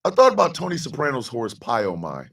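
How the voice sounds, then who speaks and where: A man hosting a livestream morning show, joking in animated bursts, repeating and restarting words, and sometimes shouting. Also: medium pitch, quick pace, gravelly, far from the mic.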